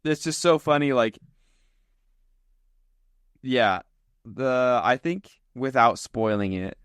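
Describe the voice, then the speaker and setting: Man, podcast co-host, animated storyteller, mid-range voice, dry close mic. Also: mid-range voice, slow, smooth, no room sound. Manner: animated storyteller, acts out scenes. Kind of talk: casual podcast chat.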